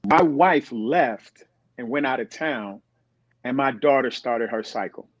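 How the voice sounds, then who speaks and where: A man's voice: mid-range voice, a little slow, no room sound. A middle-aged man, a podcast guest, telling stories in conversation and acting out the voices of people he quotes. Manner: animated, acts out quoted voices. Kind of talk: storytelling in conversation. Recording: dull, dry recording.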